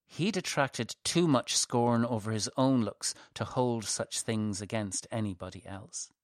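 A man reads his own story aloud in a measured, softly dramatic narration. He takes his time, at an unhurried pace. The recording is dry and close, with no room sound. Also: fairly low pitch, dry recording.

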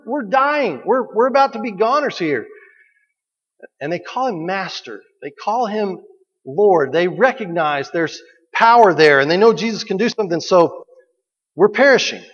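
A man's voice: high voice, slightly rough. A man preaching a sermon in a conversational way, asking the listeners questions and repeating key phrases. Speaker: pastor. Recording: dull recording with long hall reverb.

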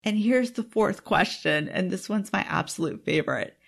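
A woman's voice: mid-range voice, animated, normal speed, vocal fry. A woman working as a time management coach and speaking as a parent, giving an earnest, openly emotional self-help talk with frequent exclamations. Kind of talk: self-help teaching monologue.

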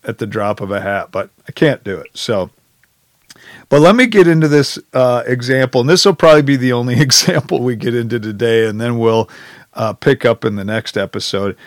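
A man's voice: medium pitch, fairly quick, no room sound. Joking male podcast host, dry sound. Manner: joking, self-deprecating, many restarts. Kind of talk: casual conversation and reading a story aloud. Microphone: video call.

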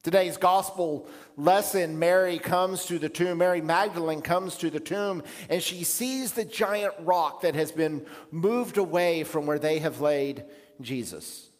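Reflective male pastor in echoing hall. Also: on the high side. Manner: measured, reflective preaching with pauses. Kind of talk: sermon.

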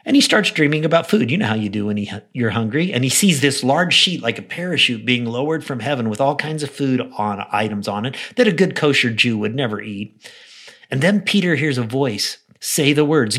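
A male pastor tells a story in an animated, conversational preaching style. His voice sits at a middle pitch. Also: brisk, slightly rough. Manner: soft, prayerful close. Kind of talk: devotional podcast sermon.

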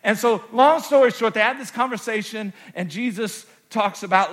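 Male preacher, higher voice, chatty and comic sermon delivery. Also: moderate pace, few pauses, a bit bright. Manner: humorous, conversational, retells scripture in slang. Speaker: pastor.

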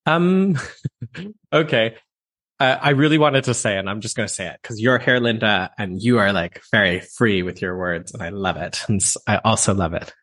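A man from Canada, a voice teacher, talking as a guest in a conversational interview, thoughtful and expressive with many fillers. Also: fairly low pitch, normal speed.

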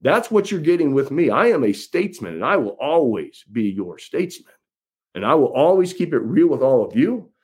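A man's voice: medium pitch, big pitch swings, moderate pace, darkish tone, breathy edge. A man running for office, speaking to his followers in a folksy, emphatic way and repeating phrases for effect. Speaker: political candidate. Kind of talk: campaign address to followers.

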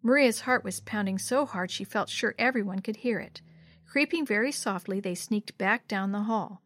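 A woman narrating a children's storybook in a clear, expressive reading voice. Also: mid-range voice, normal speed.

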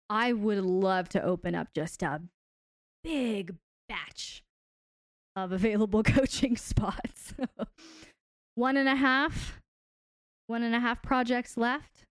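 A woman's voice: fairly high pitch, dry recording, clean studio sound. A woman hosting a live stream who wraps up casually, teasing viewers and answering chat with plenty of laughter. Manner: playful and teasing, laughs often. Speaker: host and relationship coach.

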